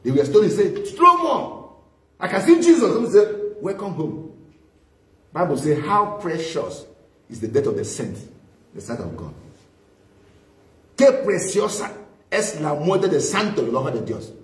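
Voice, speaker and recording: A man preaches a fervent sermon, mixing English and Spanish and repeating phrases for emphasis. His voice sits fairly high for a man. It carries through an echoey church hall, picked up from some distance away from the microphone. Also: sing-song, normal speed, pauses often, darkish tone. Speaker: pastor. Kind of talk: bilingual sermon, preaching with interpretation.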